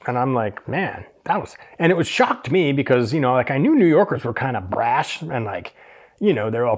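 A young man who hosts a hairstylist podcast casually tells a self-deprecating anecdote, chatting away and acting out the voices of the people in it. His mid-range voice is very animated and quick, with a breathy edge.

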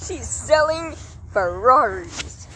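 A woman's voice: on the high side, animated, slow, over a noisy crowd. A woman chatting casually as co-host, playful and teasing, joking between the dogs and her friend. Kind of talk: casual chat. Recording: noisy background.

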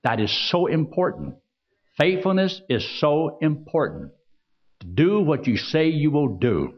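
A man preaches a sermon, his pitch rising and falling in wide arcs. He puts questions to his listeners and reads verses slowly. The recording sounds dull and lo-fi. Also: sing-song. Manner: preaching with rhetorical questions and scripture readings. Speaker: pastor.

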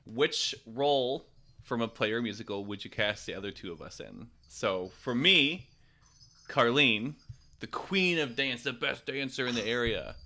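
A man hosting a casual podcast chat, relaxed as he steers the talk with questions. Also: mid-range voice, measured pace. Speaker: podcast host.

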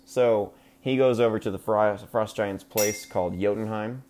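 A man's voice: fairly low pitch, unhurried, darkish tone, a little hiss or hum. A man hosting a podcast, recapping a movie in a casual, crude, joking way full of fillers. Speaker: podcast host.

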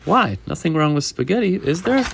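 A man's voice: on the high side, big pitch swings, brisk, gravelly, fairly bright tone, slight background noise, voice pushed up, exaggerated voice. Man doing a nervous, eager-to-please chef.

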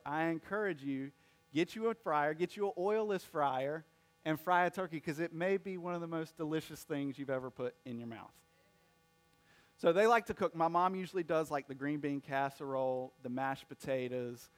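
A man's voice: fairly high pitch, moderate pace. A male pastor telling a funny family story in a sermon, acting out the voices of his family.

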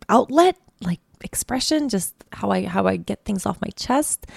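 A woman's voice: medium pitch, creaky, darkish tone, dry recording, clean studio sound. A woman hosting her own podcast, talking in a casual, heartfelt, reflective way from a guest bedroom, often restarting her sentences. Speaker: podcast host. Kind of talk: casual solo podcast monologue. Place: guest bedroom, sitting on a bed.

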